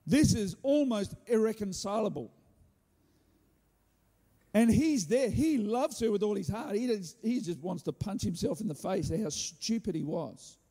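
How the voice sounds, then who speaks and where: A man preaching a sermon, telling a story with animated delivery and joking asides. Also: high-pitched. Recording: hall reverb.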